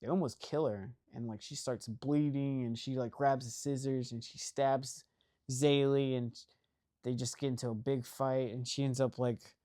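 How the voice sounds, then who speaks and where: A man's voice: medium pitch, steady tone, normal speed, warm tone. A young man casually recapping a movie plot, rambling and filling his talk with "like" and "right?". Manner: rambling, heavy use of "like" and "right?".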